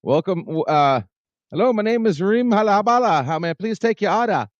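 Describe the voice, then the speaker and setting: A man putting on a stilted, overly polite fast-food cashier voice. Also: high-pitched, lively intonation, no echo, muffled recording, pitched above the performer's own voice. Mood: overpolite.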